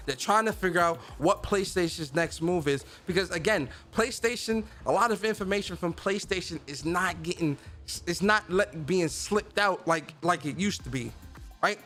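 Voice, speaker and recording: A man's voice: sits high, animated, normal speed, a bit bright, faint music behind. A man hosting a podcast, ranting bluntly with profanity and stammering repeats. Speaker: podcast host. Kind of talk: casual ranting commentary.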